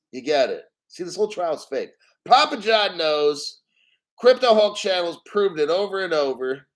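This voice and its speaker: A man's voice: fairly high pitch, fairly bright tone. A man hosting a casual crypto livestream, rambling and swearing as he reads out viewer names and chat.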